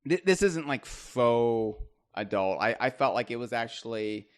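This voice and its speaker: A man's voice: mid-range voice, expressive, unhurried. Jokey man thinking aloud on a podcast. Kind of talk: casual podcast discussion.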